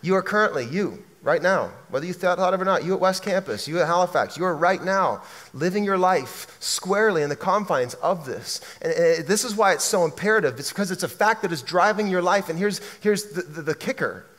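An earnest man preaches to his congregation, his voice sitting notably high for a man. He drives each point home with emphatic repetition, and a long reverb from the large hall trails behind his words. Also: expressive, fairly quick, few pauses, a bit bright. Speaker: pastor. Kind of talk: sermon.

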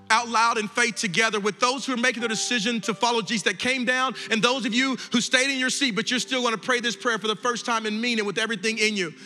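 Fervent fast-talking pastor in a hall. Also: male voice, very high-pitched, steady tone, sharp tone. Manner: fervent, repetitive exhortation. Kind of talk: sermon altar call. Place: large church hall with balcony. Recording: long hall reverb, faint music.

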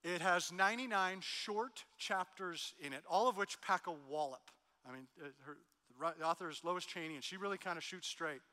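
A middle-aged male pastor with a strikingly bright, fairly high voice delivers a sermon. He moves between hushed, slow lines and loud, emphatic peaks, and his voice carries a long reverb from a large hall.

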